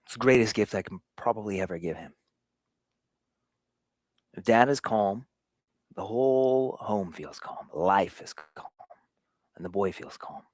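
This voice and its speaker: A man hosting a show, giving an earnest motivational talk on fatherhood, swinging between hushed and emphatic delivery. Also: fairly low pitch, expressive, a little slow, long pauses, no echo. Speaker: show host.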